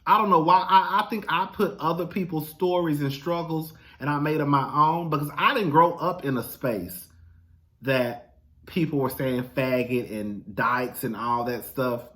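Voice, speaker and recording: A man's voice: a little high, normal speed, a bit bright. A man talking in a casual monologue, blunt, profane and emphatic, who keeps addressing his listener as "girl". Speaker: vlogger.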